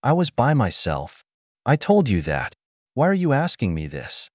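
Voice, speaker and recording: Brief: man reading as a flustered, pleading wife caught out, with lively rising pitch. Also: normal speed, no echo, studio quality. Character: guilty panicking cheating wife.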